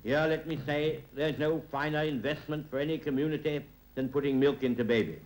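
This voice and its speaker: A man doing an impression of a wartime prime minister, in a gruff, pompous speech style. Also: on the high side, steady tone, brisk, darkish tone, slight background noise, close to an everyday voice, poor audio. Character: male wartime prime minister, grave orator. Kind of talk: British sitcom acting.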